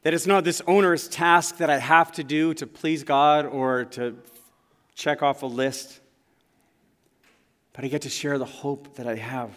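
A man's voice: a little high, fairly even intonation, a little slow, long pauses, fairly bright tone. A male pastor preaching in a church, telling stories in an earnest, conversational way. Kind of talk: sermon. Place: church sanctuary. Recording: long reverb of a large church hall.

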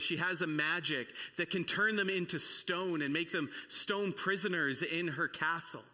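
A man's voice: a little high, bright, forceful tone. A man preaching a storytelling sermon, telling the story in an earnest, dramatic way, with a long reverb behind him. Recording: long reverb of a large hall.

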